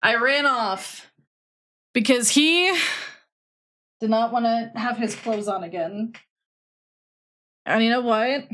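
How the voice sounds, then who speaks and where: A woman's voice: a little high, slow, pauses often, fairly bright tone. A young woman streaming, chatting casually while she builds and talking to her cat in a cutesy voice.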